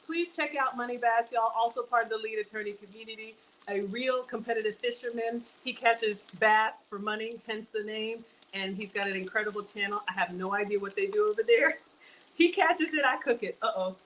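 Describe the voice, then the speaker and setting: A woman's voice: a little high, a little fast, a bit bright, slight background noise, rough recording. A woman livestreaming from her home kitchen, chatting casually with viewers while she cooks and calling them y'all. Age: young adult to middle-aged. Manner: chatty, addresses viewers as y'all, reads donations aloud. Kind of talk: casual cooking livestream chat.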